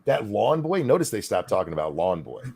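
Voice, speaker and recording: A man with a gravelly, husky voice rants on a casual podcast, heated and sarcastic, swearing freely. His pitch swings widely as he mocks and fumes, and his speaking pitch sits in a middle range. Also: big pitch swings, brisk, a little mellow. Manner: profane, sarcastic, heated ranting. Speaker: podcast co-host.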